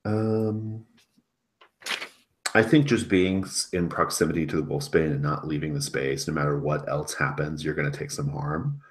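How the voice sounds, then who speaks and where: Brief: male game master, extremely deep voice, casual rulings and moody narration. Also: steady tone. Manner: slow and atmospheric in narration, casual when ruling.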